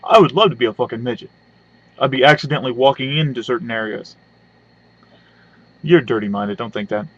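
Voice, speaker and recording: A man's voice: medium pitch, a little fast, long pauses. A man doing a profane, rambling, sarcastic comedy rant, with lots of hums and side remarks, recorded on a webcam at home. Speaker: webcam vlogger. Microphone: webcam mic. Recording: dull lo-fi webcam audio.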